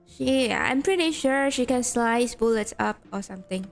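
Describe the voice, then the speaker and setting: A woman's voice: a little high, expressive, normal speed, creaky. A woman streamer chatting casually with her viewers while playing a game, rambling and full of "like". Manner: chatty, rambling, reacts to chat with restarts and "like". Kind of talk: casual livestream chat. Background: game music.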